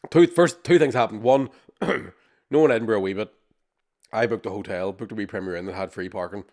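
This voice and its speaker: A man chats on a podcast, spinning a sweary, animated story. He talks quickly and throws himself into the voices of the people he quotes. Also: lowish voice. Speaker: podcast co-host. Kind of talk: casual storytelling chat.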